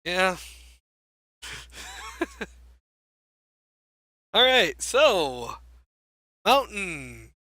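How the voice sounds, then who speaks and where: A man's voice: fairly high pitch, animated, takes it slowly, pauses often, pushed and bright, no echo. A young man giving wry, self-mocking commentary on a card game match as he plays, thinking aloud. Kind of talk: gameplay commentary.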